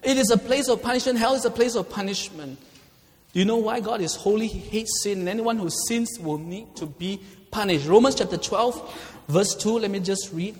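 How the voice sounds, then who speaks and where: High-voiced preacher in a reverberant hall. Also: male voice, normal speed. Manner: emphatic, swings between loud declarations and hushed asides. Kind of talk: fiery sermon.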